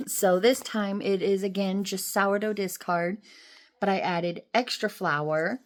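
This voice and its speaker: A woman's voice: medium pitch, steady tone, slow. A woman vlogger and rideshare driver talking in a chatty, rambling, emotional and upbeat way. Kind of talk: casual vlog chat.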